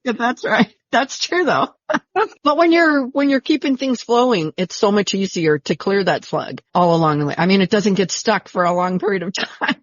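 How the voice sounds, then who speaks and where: A woman's voice: mid-range voice, animated, normal speed, dry recording, dull audio. A woman hosting a podcast interview, talking in an enthusiastic, casual way and laughing easily. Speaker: podcast host.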